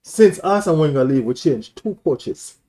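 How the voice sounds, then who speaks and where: Brief: male streamer, mellow slightly high voice, hammers points home, needles rival fans. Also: expressive, a little slow. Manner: emphatic, repetitive, taunting rival fans. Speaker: live stream host. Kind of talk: football fan rant on a live stream.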